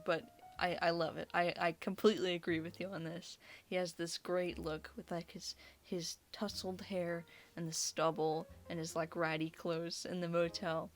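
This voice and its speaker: With a lowish voice, this chatty young creator gushes her way through a loose, rambling ranking video. She fills her speech with "like," and soft background music plays.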